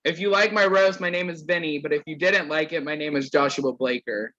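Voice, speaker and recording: A man's voice: on the high side, a little fast, pushed and bright, lo-fi sound. A young man casually reading roasts aloud to a group on a call, stumbling over words and laughing.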